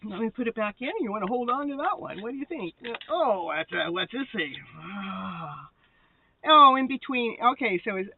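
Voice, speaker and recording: A woman's voice: medium pitch, expressive, normal speed. A woman host giving a live tarot reading, chatty and playful, often giggling and breaking into sing-song exclamations. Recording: tinny phone-like sound with faint noise.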